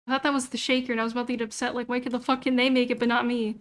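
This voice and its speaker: A woman's voice: fairly high pitch, level tone, very fast. A young woman streamer chatting casually on a livestream, muttering to herself as she browses and swearing freely. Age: young adult. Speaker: VTuber streamer.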